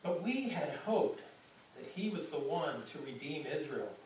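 A man's voice: a little high, big pitch swings, unhurried, a little mellow, a little hiss or hum. A man preaching a sermon in a conversational way, often repeating words as he starts a phrase. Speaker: pastor. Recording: echoey hall, distant mic.

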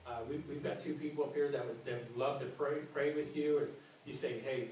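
A man's voice: mid-range voice, fairly even intonation, brisk, a little mellow, a little hiss or hum. A man preaching a sermon as pastor, earnest and often repeating his words. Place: large church hall. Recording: very echoey hall, mic from far.

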